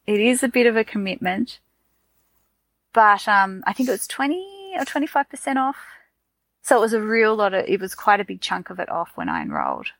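A woman's voice: mid-range voice, wildly swooping pitch, a little fast, a bit bright, no room sound, rough recording. A woman from Tasmania with an Australian accent, chatting casually as a podcast co-host, rambling with fillers and restarts. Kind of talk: casual chat.

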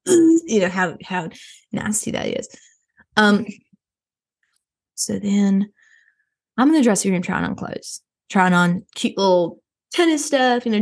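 Rambling, gossipy woman comic storyteller. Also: mid-range voice. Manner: rambling, gossipy, mocking storyteller who mimics others. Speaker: comedic host telling a story. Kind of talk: improvised comedy chat.

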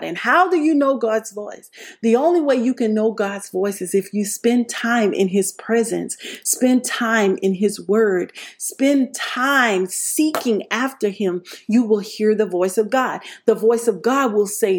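A woman preaching a sermon with emphasis, repeating key lines and punctuating them with hallelujah. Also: medium pitch. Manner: slows and stretches words for emphasis.

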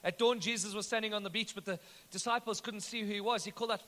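Male preacher with a high, forceful voice, telling the story with joking asides in a big echoey hall. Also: fast, few pauses, slight background noise. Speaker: pastor. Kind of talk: sermon.

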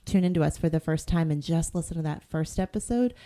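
A woman's voice: deep voice, quick pace, mellow. A middle-aged woman from the Boston area co-hosting a podcast, chatting at length about the show's plans. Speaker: podcast co-host. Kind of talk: casual podcast chat.

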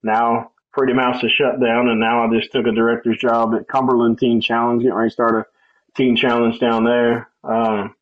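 A middle-aged man tells his story in a relaxed, talkative way, slipping into other people's voices as he quotes them and laughing along. His voice sits at an ordinary middle pitch. The recording sounds a little dull and lo-fi. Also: moderate pace. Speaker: guest sharing testimony. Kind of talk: conversational testimony.

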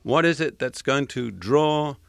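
Male preacher, mid pitch, dry close sound, measured and emphatic, leans hard on quoted verses. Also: expressive, gravelly, smooth, no room sound. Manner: slows and stresses scripture quotes. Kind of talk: sermon.

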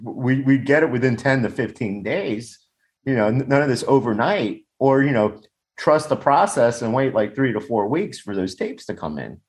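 A man's voice: medium pitch, lively intonation, normal speed. A man chatting on a video call, blunt and rambling, laughing often and swearing casually. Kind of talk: casual podcast chat. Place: home or office, on a video call. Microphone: video call microphone.

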